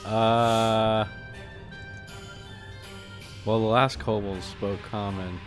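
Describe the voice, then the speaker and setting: Slow-talking man, tabletop player. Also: fairly low pitch, little pitch movement, soft background music. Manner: hesitant, repeats words before committing. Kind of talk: casual tabletop play.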